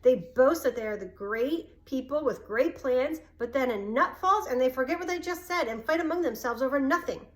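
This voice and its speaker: A woman's voice: a little high, expressive, brisk, lightly acted. A woman voicing a stern, earnest old male bear who teaches and scolds a boy in a storybook read-aloud. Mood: angry.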